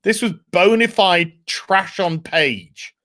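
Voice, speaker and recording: A man's voice: high-pitched, takes it slowly, pushed and bright. A man hosting a casual podcast, swearing freely and reading out viewer messages. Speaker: podcast host.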